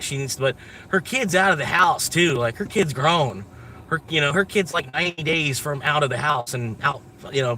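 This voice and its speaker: An American man rambles through a casual vlog chat, swearing freely and circling his points with fillers. His voice sits at an ordinary middle pitch. A faint vehicle hum runs underneath. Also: pushed and bright. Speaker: vlogger. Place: inside a moving vehicle.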